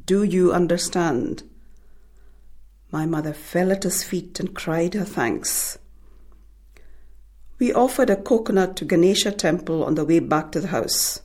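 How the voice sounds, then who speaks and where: A woman from India, an author, talking about her short story and then reading it in a measured, thoughtful way. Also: lowish voice, darkish tone, slightly rough.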